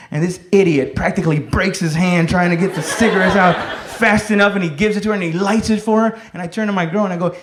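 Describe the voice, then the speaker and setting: A man doing a stand-up comedy set, telling loud, profane stories and shouting some bits. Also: high voice, fast talker, hardly any pauses. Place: comedy club stage with a laughing audience. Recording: echoey room, noisy live audience.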